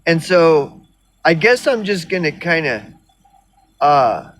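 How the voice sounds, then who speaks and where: A man's voice: fairly high pitch, sing-song, slow, a bit bright. A man ranting casually on his video blog, rambling and sardonic with lots of swearing. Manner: rambling, profane, sardonic, many fillers. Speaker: video blogger. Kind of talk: casual rant.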